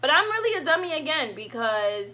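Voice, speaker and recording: A young woman vlogger telling a casual storytime, animated, and acting out her own past lines dramatically. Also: high voice, brisk. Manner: animated, dramatic reenactments of herself.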